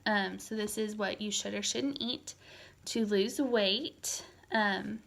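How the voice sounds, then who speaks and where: Slow, methodical woman teaching Spanish. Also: medium pitch, vocal fry, fairly bright tone. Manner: slow and methodical, with frequent ums and uhs. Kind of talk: recorded lecture.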